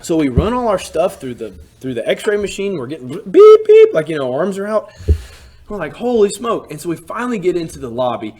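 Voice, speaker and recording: A man casually telling a personal story, animated and full of "like" fillers. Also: a little high, a little fast.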